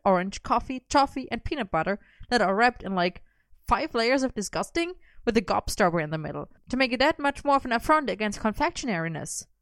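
A woman's voice: medium pitch, no room sound. A woman reading a lighthearted story aloud with wry, comic timing. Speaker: narrator.

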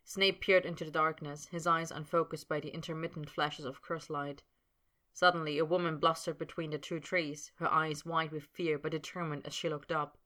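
Woman narrator, low and bright, steady scripted audiobook reading. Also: moderate pace.

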